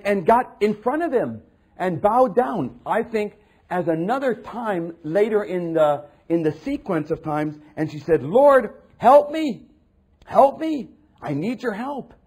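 A male pastor preaching with a husky, slightly raspy voice that sits a little high for a man. His delivery swings widely in pitch as he reads passages aloud and acts out the people in them. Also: animated, normal speed, darkish tone. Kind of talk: sermon.

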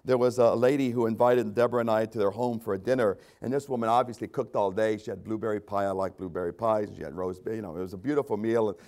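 A man's voice: fairly even intonation, fast talker, hardly any pauses. An older man preaching a sermon, reading scripture aloud and speaking with dramatic rises and drops in emphasis. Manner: reads scripture aloud with dramatic swings in pitch and loudness. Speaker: pastor.

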